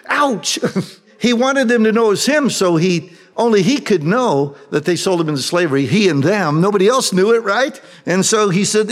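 A man's voice: high voice, normal speed, long reverb tail. A male pastor teaching a verse-by-verse Bible sermon in a conversational way, acting out the quotes. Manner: conversational, animated, acts out quotes.

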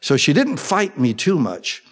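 A middle-aged male pastor teaching through the Bible verse by verse in a relaxed, conversational way, mixing in personal stories. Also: fairly high pitch, unhurried. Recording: long hall reverb.

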